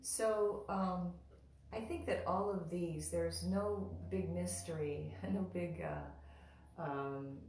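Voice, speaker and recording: A woman teaching mantra practice in a calm, unhurried way, drawing out chanted syllables. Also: fairly low pitch, far from the mic, slight background noise. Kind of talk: spoken teaching with slow chanting. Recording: very echoey room, voice from afar.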